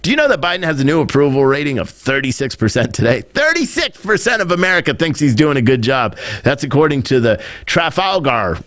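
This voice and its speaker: A man's voice: a little high, fairly quick, hardly any pauses, dry recording. A man hosting a casual live-stream commentary show, swearing freely and laughing at himself. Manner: animated, laughing, swearing, self-mocking. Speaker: political commentary show host.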